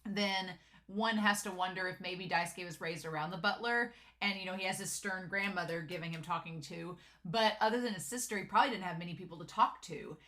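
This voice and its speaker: A woman chatting casually through an episode recap, full of "like" and quick asides. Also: fairly low pitch, sharp tone. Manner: chatty, giggly, lots of "like" and filler. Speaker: anime reviewer.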